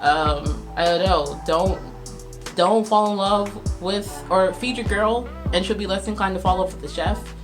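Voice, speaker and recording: A woman, recapping a movie on her channel in a sarcastic, animated way. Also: medium pitch, measured pace, over music. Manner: sarcastic, animated, laughs at her own jokes. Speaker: video host reviewing a movie. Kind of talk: casual comedic movie recap.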